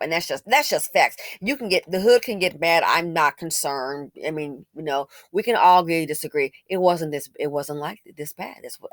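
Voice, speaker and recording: A woman's voice: fairly low pitch, fairly bright tone, dry recording, clean studio sound. A woman giving opinionated commentary, blunt and colloquial, who repeats phrases for emphasis and fires off rhetorical questions.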